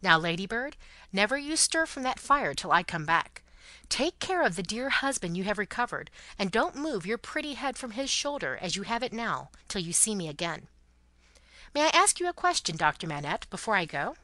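A woman reading the part of a brisk, fiercely loyal Englishwoman companion who speaks emphatically and bossily. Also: medium pitch, sing-song, pushed and bright, no echo. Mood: emphatic. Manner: emphatic and bossy.

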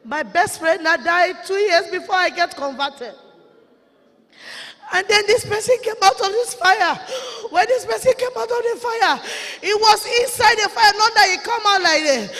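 A Nigerian woman preaches a fervent testimony, her voice high and bright as it climbs into shouts and tears. She scolds and pleads with the congregation in turn. A long reverb from the hall trails every phrase. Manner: impassioned, shouting and weeping at peaks, scolding. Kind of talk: emotional testimony sermon. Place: large conference hall.

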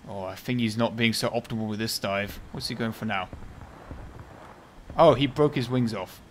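A man giving chatty, sarcastic gameplay commentary, muttering one moment and bursting out loudly the next. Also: fairly low pitch, normal speed, a little hiss or hum. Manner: chatty and sarcastic, swinging from mutters to loud outbursts, heavy slang. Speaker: video game commentator.

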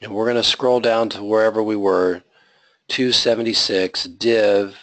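A man's voice: lowish voice, fairly even intonation, a little slow, a bit bright, no room sound. A man teaching a web design class, talking through his code step by step and checking in with the students. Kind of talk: live coding lecture.

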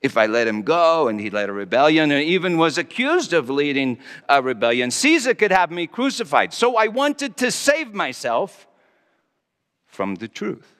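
A male pastor preaching a dramatic first-person monologue, speaking in character as a Roman governor with a theatrical, halting delivery. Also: on the high side, big pitch swings, fairly bright tone. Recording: long reverb of a large hall.

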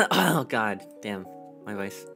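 A man's voice: on the low side, big pitch swings, takes it slowly, gravelly, pushed and bright, faint music behind. A male streamer chatting casually, self-deprecating and rambling, often breaking into laughter. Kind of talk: casual chat.

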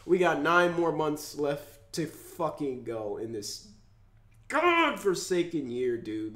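A man's voice: very animated, takes it slowly. Congested, upset man ranting, echoey room. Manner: swearing, swings from loud outbursts to low mumbles. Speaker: YouTuber. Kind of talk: emotional vlog rant.

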